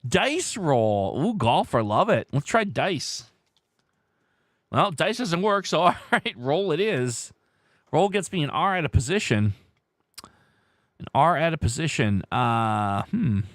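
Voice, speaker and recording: A man's voice: fairly high pitch, sing-song, slow, no room sound, clean studio sound. A man hosting a casual live stream, thinking aloud as he weighs guesses and chats with viewers.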